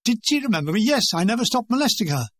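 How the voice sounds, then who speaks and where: A man's voice: very high-pitched, big pitch swings, quick pace, fairly bright tone, dry recording. Wry older man reading his memoir. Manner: dry, wry and conversational, acting out remembered dialogue.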